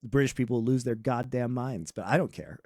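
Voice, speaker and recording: A man's voice: medium pitch, a little fast, darkish tone, no echo. A man co-hosting a casual podcast chat, opinionated, laughing often and restarting his sentences. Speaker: podcast co-host.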